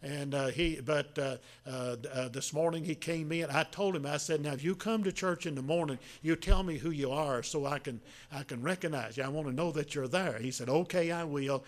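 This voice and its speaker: A man, preaching a sermon in a folksy, halting way, with many restarts and fillers. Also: a little high. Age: 70s. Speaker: pastor.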